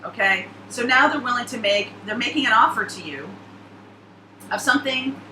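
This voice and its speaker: A woman's voice: a little high, expressive, normal speed, roomy sound, noisy background. A woman giving a casual, chatty tarot reading, laughing and rambling through asides. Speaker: tarot reader.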